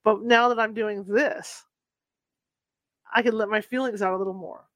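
Ex-reporter host, emphatic and halting delivery, dry close recording. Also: medium pitch, steady tone, fairly bright tone, no room sound. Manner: emphatic, halting with many restarts. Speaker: interviewer, former news reporter. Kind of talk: interview conversation.

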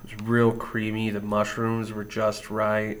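A man's voice: on the low side, completely flat delivery, measured pace. A man co-hosting a podcast, chatting casually with loose, profane banter. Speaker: podcast co-host. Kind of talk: casual chat.

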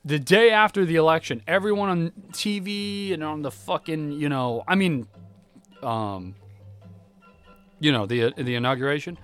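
A man co-hosting a podcast, telling stories in a casual, animated, profane way. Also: on the high side, moderate pace, clean tone, soft background music. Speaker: podcast co-host. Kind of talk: casual chat.

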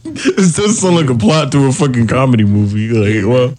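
A man's voice: medium pitch, lively intonation, moderate pace, background noise. A man hosting a podcast, talking in loose, profane, jokey banter and laughing easily. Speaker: podcast host. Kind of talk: crude casual podcast banter.

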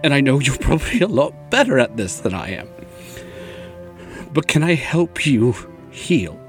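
A man's voice: medium pitch, big pitch swings, soft background music, pitched above the performer's own voice. A man voicing guilt-stricken Lance. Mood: apologetic. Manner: halting, repeating himself, pleading. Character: guilt-ridden young man Lance, angry at himself.

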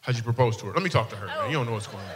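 Racing along in a lowish voice, this male stand-up works the crowd, playfully needling audience members and laughing at his own jokes. He's on a handheld stage mic, and the recording has long hall reverb with faint room noise.

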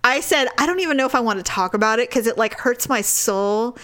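A woman in her forties with a slightly high voice tells a story in a casual chat. She is animated and laughs often as she goes. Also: brisk.

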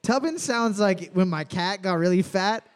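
A young man with a high, bouncy voice runs a trivia night in a bar, calling out questions and scores between crude jokes. His pitch leaps all over as he banters and swears casually. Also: moderate pace, clean tone. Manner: joking, animated, swears casually.

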